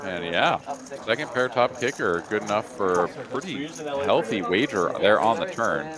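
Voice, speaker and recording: A man's voice: fairly low pitch, expressive, normal speed, a crowd in the background. A man, commentating a live poker cash game in a laid-back, drawling way with frequent fillers.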